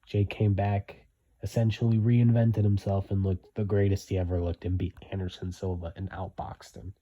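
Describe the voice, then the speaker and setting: A man's voice: deep voice, level tone, normal speed, dark tone, lo-fi sound. A young man giving blunt, repetitive opinion commentary, hammering his points home.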